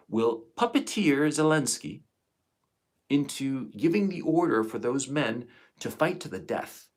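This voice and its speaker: A man in his fifties delivers an impassioned live stream rant to his viewers. His voice is gravelly with a husky edge, and he swears often. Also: a little high. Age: 50s. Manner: emotional, profane, impassioned ranting. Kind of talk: angry live stream monologue.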